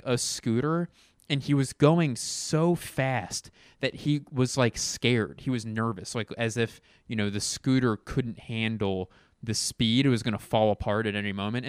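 A man hosting a podcast, doing a casual comedic monologue. He rambles and swears, interrupts himself, and jumps into sudden animated exclamations. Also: medium pitch, smooth, no echo, studio quality. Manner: rambling, profane, self-interrupting rant.

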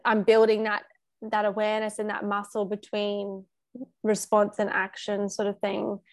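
Self-reflective mum in her thirties, casual chat, bit of fry in her voice. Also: mid-range voice, monotone, normal speed, no room sound. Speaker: podcast co-host.

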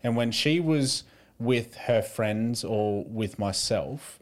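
A man hosting a podcast, relaxed and telling stories with casual swearing. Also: mid-range voice, takes it slowly. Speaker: podcast host. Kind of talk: casual interview chat.

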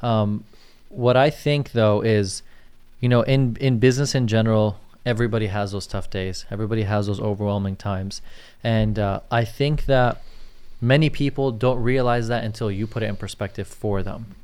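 A man's voice: on the low side, moderate pace, darkish tone, smooth. A man co-hosting a podcast in casual chat, reading out listener questions and checking in with "you get what I'm saying?". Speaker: podcast co-host, commercial real estate agent.

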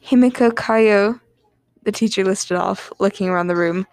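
A woman narrates a short story in a soft, even reading voice. Her tone carries a gravelly fry, some phrases slip into near-whispers, and the sound is close and dry with no room around it. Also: on the low side, fairly quick, no echo.

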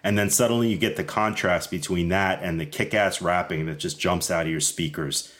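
A man's voice: sits low, fairly even intonation, fairly quick, fairly bright tone. A man hosting a music podcast, upbeat and chatty, who laughs easily and steers the discussion. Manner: upbeat, laughs often, leads the segments. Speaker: podcast host. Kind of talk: casual music review chat.

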